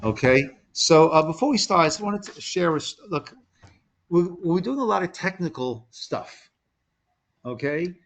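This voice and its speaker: A rabbi with a slightly high, fairly bright voice gives an informal, conversational lesson to a small group at a measured pace. He's expressive, asks the group questions and retells stories with quoted dialogue. The session comes from a recorded conference call.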